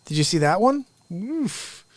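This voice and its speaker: A man hosting a live comedy talk stream, talking in an energetic, joking, ranting way into a close microphone. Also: sits high, a little slow, no room sound. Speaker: livestream host.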